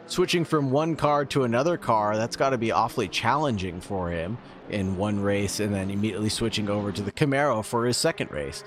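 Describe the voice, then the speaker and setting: A man calling live sim racing play-by-play, steady and a little teasing, reading out chat. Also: lowish voice, slight background noise.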